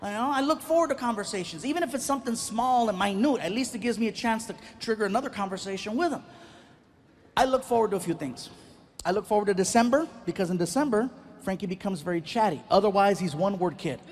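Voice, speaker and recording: A man in his forties telling animated, punchy stand-up stories on stage into a handheld mic. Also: sits high, fast. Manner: animated, punchy, acts out characters. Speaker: stand-up comedian. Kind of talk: stand-up comedy storytelling. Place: stage before a live audience.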